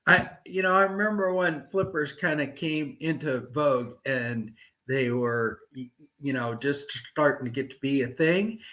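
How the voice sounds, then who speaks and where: A man's voice: medium pitch, a little slow, bright, forceful tone, rough recording. A man hosting a casual podcast chat, talking hesitantly with many fillers and easy laughs. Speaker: podcast host.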